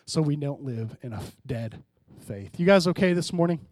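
A man pastor preaching a sermon, swinging between hushed, low passages and loud, emphatic rises, often calling out to the congregation. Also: animated, normal speed, dry recording, studio quality. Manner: preaching with sudden drops to quiet and loud rises, calls to the congregation.

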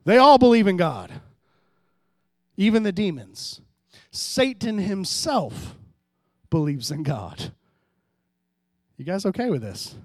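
A man pastor preaching a sermon, swinging between hushed, low passages and loud, emphatic rises, often calling out to the congregation. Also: sing-song, slow pace, long pauses, no room sound, clean studio sound. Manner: preaching with sudden drops to quiet and loud rises, calls to the congregation.

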